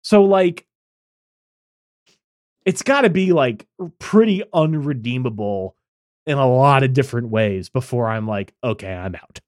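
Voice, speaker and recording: A man co-hosting a podcast, talking in a blunt, opinionated way with plenty of filler words. His pitch swings widely as he talks. The sound is dry and close to the mic. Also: expressive, a little slow, long pauses, no echo. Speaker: podcast co-host. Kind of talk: casual podcast chat.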